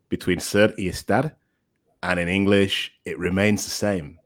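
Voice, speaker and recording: Man, very low voice, encouraging podcast teacher, reads examples slowly. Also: steady tone. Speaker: English teacher, podcast co-host. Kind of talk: conversational podcast lesson.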